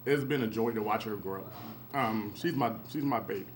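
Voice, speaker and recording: A tearful man speaking as a proud father and coach, halting and heartfelt, at a school ceremony. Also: lowish voice. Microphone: handheld microphone. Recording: echoey noisy room.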